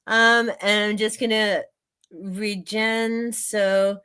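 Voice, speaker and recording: A woman's voice: medium pitch, flat delivery, drawn-out words, bright, forceful tone, smooth. A woman hosting a casual livestream, chatty and laughing often as she drifts into rants. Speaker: streamer and author hosting a reading sprint.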